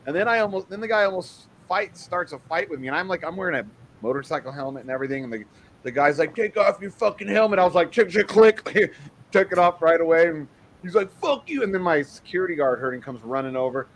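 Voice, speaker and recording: A man telling a bar story in casual chat, swearing freely and animated. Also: a little high, fast, rough recording.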